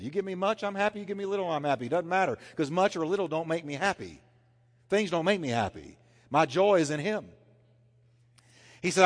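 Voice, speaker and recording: A man preaching a sermon, swinging between loud emphasis and hushed, intense passages. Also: fairly high pitch. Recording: long hall reverb.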